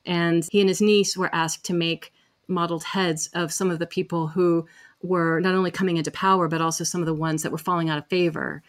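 A woman guest telling a history at a measured pace. Her voice sits somewhat low, and she often repeats small words as she goes. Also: little pitch movement. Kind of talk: explanatory storytelling.

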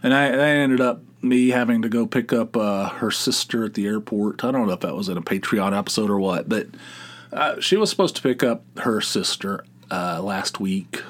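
A man's voice: fairly low pitch, moderate pace. A man hosting his own podcast, telling stories in a casual, rambling way. He interrupts himself often and laughs at his own tales. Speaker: podcast host. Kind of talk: casual solo storytelling.

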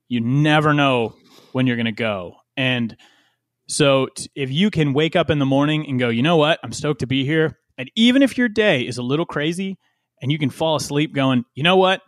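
A man's voice: mid-range voice, no echo, clean studio sound. A man in casual conversation, talking in a loose, rambling way with many fillers and restarts.

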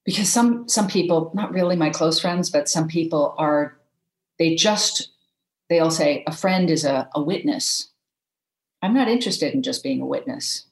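A woman's voice, low and gravelly, talks as a podcast guest. She thinks aloud in a halting way and restarts her phrases. The recording carries a roomy echo. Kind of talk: conversational podcast chat.

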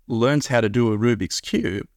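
A man's voice: medium pitch, normal speed, no room sound. Australian man, dry rambling interview talk. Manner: rambling, many restarts and fillers. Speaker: math curriculum founder, guest.

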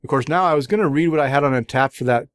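A man's voice: on the high side, very fast, no room sound, clean studio sound. A middle-aged man hosting a podcast, chatting casually and enthusiastically about beers he has tried, rambling with fillers and restarts. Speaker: beer podcast host. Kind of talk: casual beer review chat.

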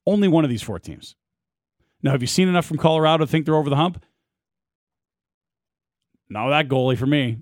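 A man's voice: a little high, a little fast, pauses often, no echo, clean studio sound. A man co-hosting a casual sports talk show, making confident, argumentative points.

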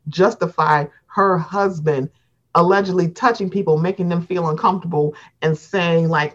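A woman's voice: fairly low pitch, moderate pace, muffled recording. A woman from Baltimore gossiping in casual chat, blunt and profane, acting out what people said. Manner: animated, blunt and profane, acts out quoted voices. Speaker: podcast co-host.

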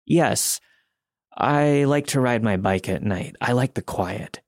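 A man doing a slow, slurred, creepy stranger. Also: mid-range voice, no echo, clean studio sound. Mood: soft creepy. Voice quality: slow slurred speech, childlike phrasing. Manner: eerily calm and unaffected.

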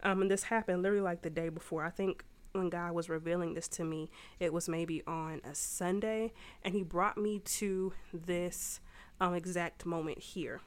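A woman's voice: lowish voice, fairly even intonation, normal speed. A young adult woman hosting a faith podcast for moms, telling a personal story in a chatty, slangy way. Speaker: podcast host. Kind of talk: casual faith talk.

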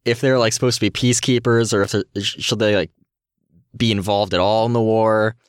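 A man's voice: on the low side, fairly even intonation, brisk, clean tone, no echo, clean studio sound. A man in a casual podcast chat, hesitant and stammering as he defends his opinions.

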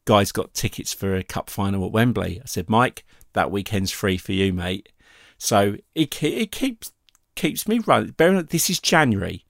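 A middle-aged man telling a personal story in a casual, animated way, acting out the voices he quotes. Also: lowish voice, gravelly, no room sound, clean studio sound.

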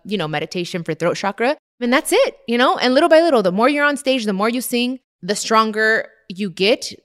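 A woman's voice: medium pitch, a bit bright, clear, resonant tone. A woman, hosting a casual advice chat and switching between English and Spanish. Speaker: host answering listener questions.

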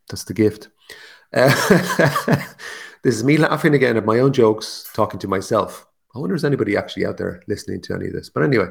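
A man's voice: on the low side, vocal fry. A man hosting a solo podcast, talking casually and reflectively, with asides and self-mocking humor. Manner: casual, musing, laughs at his own jokes. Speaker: podcast host.

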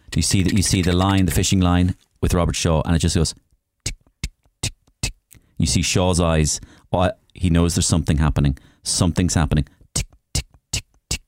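A man chatting as a guest, an animated storyteller who acts out scenes with sound effects. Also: deep voice, dry recording, studio quality. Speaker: guest, comedian and impressionist. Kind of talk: casual chat.

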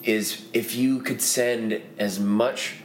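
A man's voice: medium pitch, steady tone, takes it slowly, slight background noise. Joking guy co-hosting, rambles on, roomy echo. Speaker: podcast co-host. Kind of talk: casual chat.

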